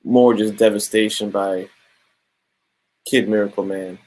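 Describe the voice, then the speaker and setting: A man casually reviewing comics, telling the story in animated slang with quick asides. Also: lowish voice, low-quality recording.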